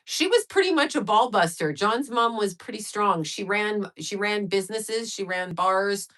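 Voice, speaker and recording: A woman's voice: medium pitch, animated, moderate pace, a bit bright. Casting: middle-aged woman, livestream host, loose rambling chat, answers comments. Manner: chatty, rambling, reacts to viewer comments.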